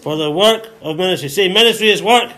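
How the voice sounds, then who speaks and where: A man preaching with a high, bright, ringing voice. He leads call-and-response with the congregation and peppers his lines with hallelujahs. Now and then he acts out voices with sudden high shouts. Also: quick pace. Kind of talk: sermon.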